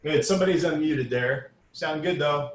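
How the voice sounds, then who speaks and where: A man's voice: a little high, normal speed, roomy sound. A man leading an online choir rehearsal, explaining diction and singing short demonstration phrases. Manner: sings demonstration phrases between spoken instruction. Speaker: choir director. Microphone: video call.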